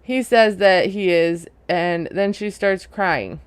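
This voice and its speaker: A woman giving a casual, opinionated recap of a reality TV episode, chatty and quick to laugh. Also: lowish voice, smooth, dry recording.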